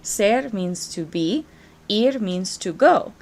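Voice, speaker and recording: A woman teaching a Spanish grammar lesson, encouraging her students and modeling slow, drilled Spanish forms between quicker English explanations. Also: mid-range voice, animated, darkish tone. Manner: encouraging, coaxing students to pause and practice.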